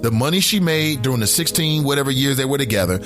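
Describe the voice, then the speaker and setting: A talk radio host with a lively, swinging voice, a man who jumps from low muttering to high emphatic bursts. He riffs casually on listener comments with a preachy, opinionated edge. Faint music sits quietly underneath. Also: fast. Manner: animated, emphatic, preachy rants.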